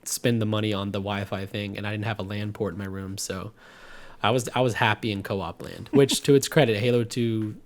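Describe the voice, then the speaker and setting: A man in his twenties telling a story in casual podcast chat, calm and collected. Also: fairly low pitch, brisk. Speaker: podcast co-host.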